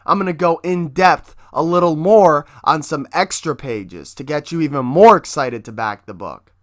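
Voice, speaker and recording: Hyped, foul-mouthed man pitching his comic. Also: animated, normal speed, dry recording, studio quality. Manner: profane, hyped, swears constantly. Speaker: comic creator promoting his book. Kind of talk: casual promo vlog.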